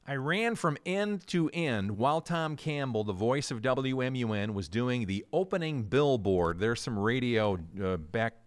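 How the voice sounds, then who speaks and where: A man's voice: mid-range voice, unhurried, few pauses. A man hosting a live local morning radio show from the studio, chatty and jokey, a little out of breath. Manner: chatty and lively, jokey asides. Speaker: radio host. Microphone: studio microphone with headphones.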